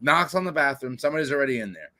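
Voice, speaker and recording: A man's voice: medium pitch, very fast. A man in his twenties from Florida, telling a profane anecdote in a casual chat and acting out the people in it. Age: 20s. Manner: animated, profane, acts out voices in anecdotes. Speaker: podcast host. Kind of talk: casual storytelling.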